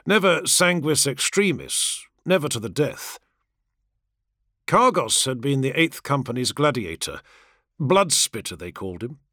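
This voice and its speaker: A man reading a grim war audiobook in dramatic, expressive scripted narration. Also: medium pitch, no echo, studio quality.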